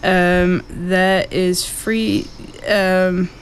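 A man's voice: high-pitched, drawn-out words, slight background noise. Hesitant man reading local listings. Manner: relaxed, hesitant, many ums and self-corrections. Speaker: radio co-host reading event listings. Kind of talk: casual radio chat.

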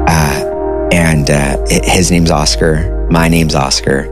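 A man in his thirties telling a personal story in a casual, animated, conversational way. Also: a bass voice, takes it slowly, over loud music. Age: 30s. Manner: animated, conversational, says dude and like.

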